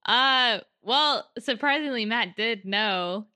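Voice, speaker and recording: A woman's voice: a little high, slow, bright, forceful tone, clean tone, no echo. A woman chatting on a podcast in an easygoing, friendly way. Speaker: podcast guest. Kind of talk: casual podcast chat.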